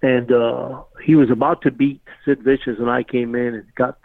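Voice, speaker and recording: A man's voice: mid-range voice, little pitch movement, moderate pace, gravelly, no room sound, phone-quality sound. A man telling a rambling, casual story as a podcast guest, repeatedly saying "you know what I mean".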